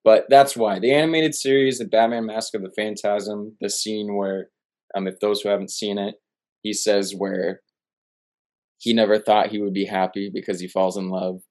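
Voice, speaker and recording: Casual co-host, male, low voice, gushes and restarts a lot. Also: moderate pace. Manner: excitable, gushing, trails off and restarts. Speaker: podcast co-host. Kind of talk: casual chat.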